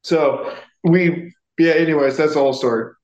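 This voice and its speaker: A man telling a profane, animated story in casual podcast chat. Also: fairly high pitch, moderate pace, echoey room, dull audio.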